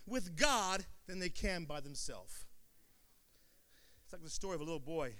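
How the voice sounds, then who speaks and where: A man preaching a sermon, telling a story in a calm low voice and then building up to sing-song shouted climaxes. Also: normal speed, long pauses. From Sacramento area.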